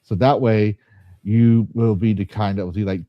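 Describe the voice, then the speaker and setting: A man's voice: on the low side, fairly even intonation, normal speed, dry recording. A man hosting a podcast in casual chat, rambling and joking, often stopping to restart his sentences. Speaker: podcast host. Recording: slightly dull, dry sound.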